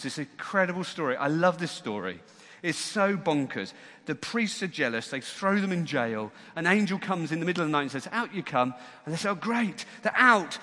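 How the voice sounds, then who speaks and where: A man preaching a sermon as church leader, lively and acting out the voices in a Bible story. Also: mid-range voice. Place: church hall. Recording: long church-hall reverb.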